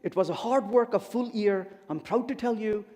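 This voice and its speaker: A man's voice: high voice, normal speed. A man giving a humorous technical talk at a conference, telling stories and acting out dialogue. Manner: animated storyteller acting out dialogue. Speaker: conference speaker. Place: conference hall. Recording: echoey conference hall.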